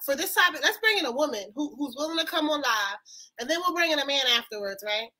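A woman from West Philadelphia with a Philadelphia accent, co-hosting a casual livestream chat over a video call in an animated, slangy way. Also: high-pitched, fast talker. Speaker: co-host.

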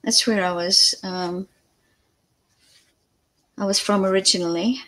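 A woman's voice: mid-range voice, steady tone, a little slow, fairly bright tone, rough recording. Chatty older Australian-accented woman crafting. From Scotland. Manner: chatty, muses aloud over measurements, laughs easily. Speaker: craft channel host. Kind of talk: casual live-stream chat while crafting. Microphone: camera at a crafting table.

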